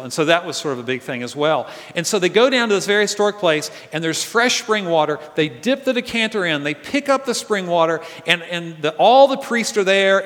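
A male pastor gives a chatty, animated sermon, rising to loud, emphatic lines and dropping to soft asides. His voice sits fairly high for a man. The sound rings with the long reverb of a church hall. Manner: conversational, animated, swings between loud and soft. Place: church sanctuary.

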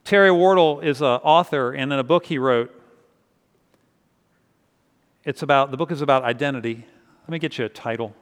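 A man's voice: mid-range voice, quick pace. A male pastor preaching a sermon in a church sanctuary, telling stories in a conversational way and repeating words as he goes. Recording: long reverb of a large hall.

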